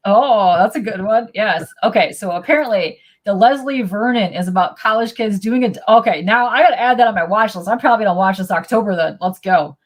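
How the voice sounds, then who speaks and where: A woman hosting a casual live podcast chat, excitable and quick to laugh, reacting to viewer comments. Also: mid-range voice. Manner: excitable, laughs often, reads chat aloud. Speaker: podcast host.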